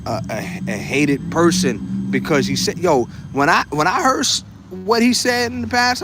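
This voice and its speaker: A man hosts a casual livestream outdoors in the city. His voice sits a bit higher than most men's. Faint car and street noise runs underneath as he laughs and repeats himself. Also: moderate pace, hardly any pauses. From United States. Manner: laughs often, repeats phrases, animated. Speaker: livestream host. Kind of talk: casual livestream chat reading comments.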